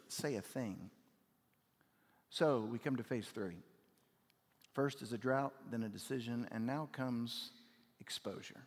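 Male pastor, mid-range voice, conversational sermon with big dynamic swings, reverberant auditorium. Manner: builds to loud emphatic peaks, then drops low and quiet; conversational, with "like" fillers and audience questions. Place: church auditorium. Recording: long hall reverb.

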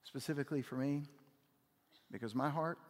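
A man preaching a sermon as pastor, conversational with fillers, swinging from loud emphatic peaks down to low, quiet lines. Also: moderate pace. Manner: conversational, with "like" fillers and audience questions. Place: church auditorium. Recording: long hall reverb.

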